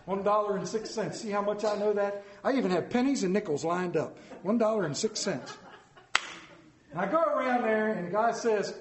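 A man preaching a storytelling sermon, animated and playful, acting out voices in his anecdotes. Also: high-pitched, moderate pace, slight background noise. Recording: echoey room.

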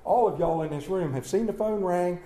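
Male pastor preaching an impassioned sermon, voice fairly high for a man, swinging between loud and hushed lines. The sound comes from an echoey church sanctuary with a roomy ring. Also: a little fast, a little hiss or hum.

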